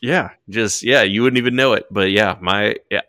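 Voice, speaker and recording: A man's voice: fairly low pitch, moderate pace, sharp tone, no room sound, studio quality. A man in his thirties, raised partly in Australia, chatting casually on a podcast, laid-back and often swearing. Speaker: podcast host. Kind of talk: casual chat.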